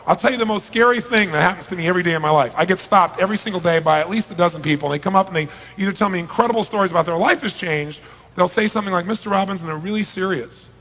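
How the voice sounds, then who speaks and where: A middle-aged man gives a live motivational talk in a high voice. He swings between hushed, intimate lines and loud, emphatic outbursts. A long hall reverb trails every phrase. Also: very fast. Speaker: motivational speaker. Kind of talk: live seminar talk to an audience. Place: large event hall.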